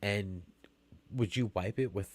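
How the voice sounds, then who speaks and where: A man co-hosting a podcast, joking crudely and swearing in casual chat. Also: a little slow. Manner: joking, swears, goes up into a silly high voice for emphasis. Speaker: podcast co-host.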